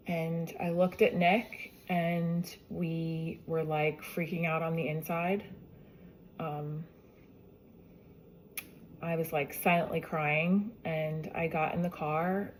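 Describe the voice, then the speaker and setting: Woman, 40s, mother, low-ish voice; casual, chatty storytelling, often acts out what others said. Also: fairly even intonation, unhurried, darkish tone. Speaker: mother sharing her health story.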